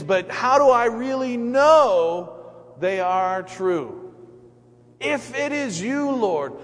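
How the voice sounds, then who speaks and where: A man's voice: high-pitched, a bit bright, pitched above the performer's own voice, full character voice. A man voicing a doubting adult male disciple who pleads in an agitated, raised voice. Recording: echoey hall, faint hum.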